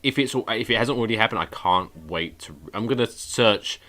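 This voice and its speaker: A British man co-hosting a podcast, chatting casually with joking banter and quick asides. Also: on the low side, sharp tone. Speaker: podcast co-host. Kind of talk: casual chat.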